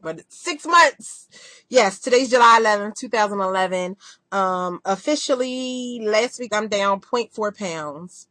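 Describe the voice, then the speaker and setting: A woman's voice: medium pitch, animated, a bit bright, dry recording. A woman in her thirties chatting candidly to the camera in a rambling video diary. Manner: chatty and candid, quick rambling talk with fillers. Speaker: vlogger.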